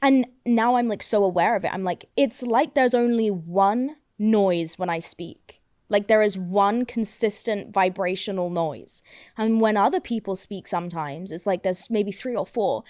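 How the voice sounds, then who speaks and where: A woman's voice: mid-range voice, unhurried, darkish tone, no echo, clean studio sound. A young woman hosting a casual podcast from home, rambling, swearing a lot and poking fun at herself. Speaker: podcast host. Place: home, seated on couch.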